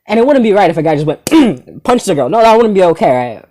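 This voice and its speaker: A young man telling a crude comedy story in an animated, sarcastic way, full of rhetorical asides. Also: sits high, fast talker.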